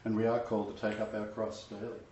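A man with a fairly low, darkish voice teaches a Bible study at a fast pace and a completely flat delivery, shifting from earnest scripture reading to loose, emphatic commentary full of conversational asides. He sits some distance from the mic, so the room rings around him. The recording sounds muffled, dull, and roomy, with slight background noise.

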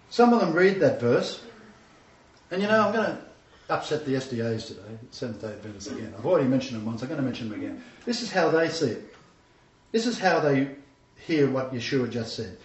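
A man's voice: medium pitch, animated, moderate pace, long pauses. Emphatic male preacher in an echoey room. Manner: emphatic, repeats scripture phrases. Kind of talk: sermon with congregation interjections. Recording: echoey room, dull sound from far off.

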